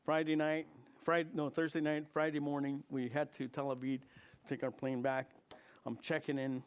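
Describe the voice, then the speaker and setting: Animated storytelling man, fairly high voice. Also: moderate pace, clean tone. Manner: animated, acts out dialogue with big jumps in pitch and volume. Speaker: chaplain. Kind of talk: storytelling testimony to a congregation. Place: church.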